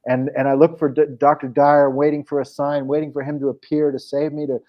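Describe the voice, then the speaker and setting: A man's voice: fairly high pitch, little pitch movement, brisk, dull audio. A man as an interview guest, telling a story in casual conversation, rambling with frequent restarts. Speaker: guest, coach and program founder.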